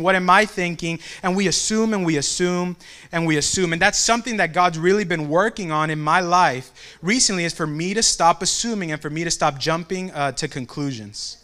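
A young man giving a devotional talk, acting out family quotes as he tells a childhood story. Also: high voice. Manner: animated storyteller who acts out family quotes.

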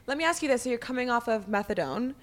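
A woman's voice: on the high side, animated, quick pace. A woman co-hosting a podcast who asks short, direct questions in casual chat. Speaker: podcast co-host.

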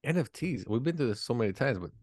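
A man's voice: medium pitch, animated, fast talker, darkish tone, dry recording, clean studio sound. Swearing, laughing male podcast host. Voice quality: swears freely, laughs often, teasing. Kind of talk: casual chat.

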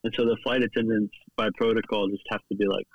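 A young man chatting casually, rambling through travel stories with laughs and quick impressions. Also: on the low side, flat delivery, no room sound, dull audio. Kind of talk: casual chat.

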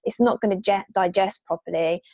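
A woman's voice: medium pitch, a little fast, darkish tone, no room sound. Confident woman guest, dry close sound. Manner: confident, explanatory, emphatic. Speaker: podcast guest. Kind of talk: casual podcast conversation.

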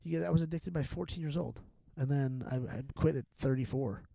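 A man's voice: on the high side, fairly quick, vocal fry, warm tone, no echo. A middle-aged man talking as a podcast guest in a candid, casual chat, rambling and profane, with many restarts and fillers.

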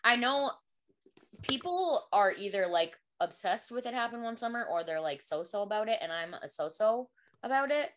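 A woman's voice: medium pitch, lively intonation, normal speed, fairly bright tone. A woman co-hosting a casual book podcast, talking enthusiastically about a favorite story. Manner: enthusiastic, frequent "like" fillers. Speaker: podcast co-host.

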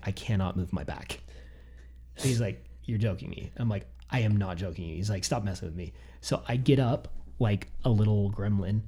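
A man in his thirties, with a slightly rough voice on the low side, tells a personal story in casual conversation. He acts it out animatedly, quoting his own words and other people's.

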